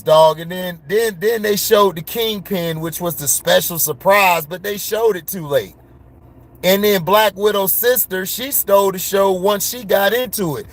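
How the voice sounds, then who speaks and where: Man vlogger, slow-talking and slangy, slightly high voice, blunt casual rant. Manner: blunt, slangy, laughs and gets worked up.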